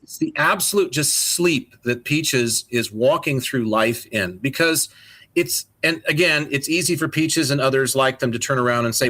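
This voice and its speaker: A man's voice: medium pitch, moderate pace, bright, forceful tone. A man co-hosting a casual podcast, rambling and swearing through exasperated rants. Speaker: podcast co-host.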